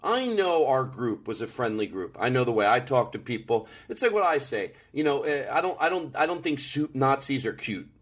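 A man's voice: mid-range voice, moderate pace, few pauses, breathy edge. Guy ranting and joking, swears a ton, voice swings all over, rambly. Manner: rambling, profane, animated. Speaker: podcast co-host. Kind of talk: casual comedic storytelling. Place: hotel room.

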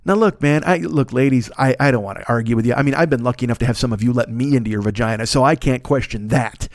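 A man's voice: medium pitch, quick pace, no room sound, studio quality. Crude rambling man in his fifties. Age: 50s. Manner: rambling, crude and animated, jumps into mocking voices. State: recovering from a cold, phlegmy. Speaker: podcast host. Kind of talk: profane comic monologue.

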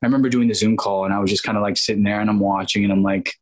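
Man, interview guest, husky voice, fairly low, animated storyteller, acts out quotes. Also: very fast, low-quality recording. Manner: rambling with restarts and fillers. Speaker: guest actor.

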